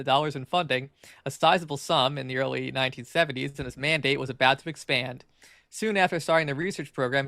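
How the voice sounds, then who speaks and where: Male podcast co-host reads an article aloud, brisk and gravelly, prone to restarts. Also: mid-range voice, pushed and bright, dry recording, clean studio sound. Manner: fast, filler-heavy reading with frequent stumbles and restarts.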